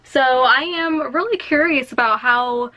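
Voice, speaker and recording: A young woman book vlogger chatting excitedly at home and reading book synopses aloud. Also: high-pitched, a little slow. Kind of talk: casual vlog.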